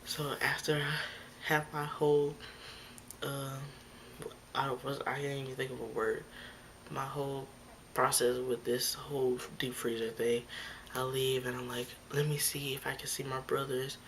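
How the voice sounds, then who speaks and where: A woman's voice: extremely low pitch, a bit bright, slight background noise. A young woman vlogger telling a story to her camera in a chatty way, full of "like" and acted-out lines. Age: young adult. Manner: chatty, fillers like "like", acts out her own lines. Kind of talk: storytime vlog. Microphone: phone or camera close by.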